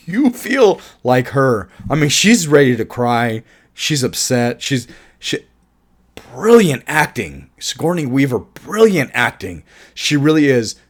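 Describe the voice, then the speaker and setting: A man giving a casual, enthusiastic film review, rambling with restarts, swearing and laughing at his own jokes. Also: medium pitch. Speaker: movie reviewer.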